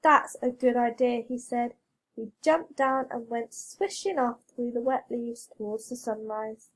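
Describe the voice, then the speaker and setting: A woman reading a children's story aloud, slow, clear and expressive. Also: fairly high pitch. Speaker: reader.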